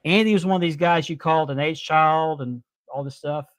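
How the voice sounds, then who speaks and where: A man's voice: fairly high pitch, a little fast, no room sound. A man hosting a live-stream talk show who speaks indignantly and repeats his points for emphasis. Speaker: podcast host.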